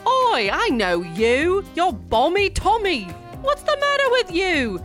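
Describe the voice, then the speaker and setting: A woman voicing a cocky, dashing male gentleman thief with a British-sounding accent, talking in a breezy, cheeky way full of slang. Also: mid-range voice, sing-song, unhurried, faint music behind. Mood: scolding. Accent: British-sounding put-on accent. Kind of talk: comedic audio drama acting.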